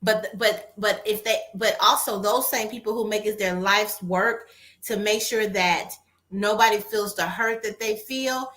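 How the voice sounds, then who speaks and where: Woman therapist, co-host; animated storyteller, bright and forceful delivery. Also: mid-range voice, a little slow. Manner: animated storytelling, acts out quotes. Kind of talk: casual conversation.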